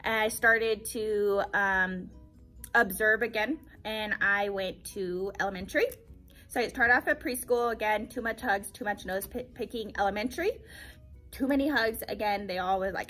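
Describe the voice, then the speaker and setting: A young woman and teacher, telling her story casually in a vlog, animated and repeating phrases for emphasis. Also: mid-range voice, moderate pace, faint music behind.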